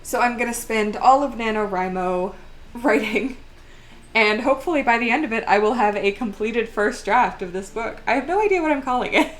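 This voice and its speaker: A woman's voice: on the high side, normal speed. Giggly young woman chatting while drawing. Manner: chatty and giggly, laughs often. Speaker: streamer. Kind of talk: casual chat while drawing on stream.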